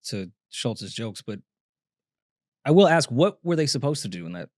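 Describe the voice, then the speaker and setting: A man's voice: mid-range voice, very animated, normal speed, darkish tone, no room sound. Guy on a podcast, wry and joking, pushes back, dry close sound. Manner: wry, joking, devil's advocate. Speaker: podcast co-host. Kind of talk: casual podcast chat.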